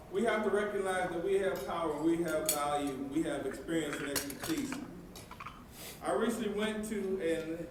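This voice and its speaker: A man's voice: on the high side, normal speed. A man giving a banquet address, folksy and emphatic, with a slightly raised voice. He is heard from a distance. The sound echoes heavily through a big hall with background noise. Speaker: banquet speaker. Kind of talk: storytelling speech.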